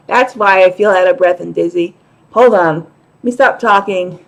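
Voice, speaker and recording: A woman's voice: fairly low pitch, moderate pace, vocal fry. A woman talking casually to camera as a vlogger, frank and a little profane, with laughing asides. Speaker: vlogger and show host.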